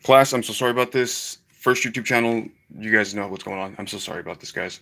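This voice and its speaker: A man with a fairly low voice speaks on a live stream to the students in his paid class. He sounds agitated and swears a lot. He keeps apologizing to his viewers in between. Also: quick pace, creaky, fairly bright tone. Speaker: livestreamer teaching a paid online class.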